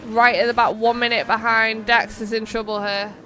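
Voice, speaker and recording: Girl doing chatty stream commentary on a racing game, bright higher voice, goes off on tangents. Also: level tone, normal speed, faint music behind. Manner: chatty, rambling, reads chat aloud. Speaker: streamer and race host.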